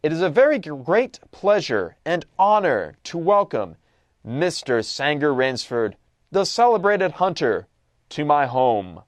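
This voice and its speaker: A man voicing a cultivated older general who speaks formally, slowly and precisely with a slight accent. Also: fairly high pitch, very animated, dry recording. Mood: grandly polite.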